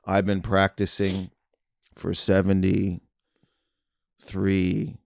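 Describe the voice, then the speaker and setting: A man doing an impression of a calm, half-asleep male magician who speaks slowly and flatly. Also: deep voice, gravelly, no room sound, clean studio sound, full character voice. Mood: deadpan calm. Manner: calm, drowsy, drawn-out delivery.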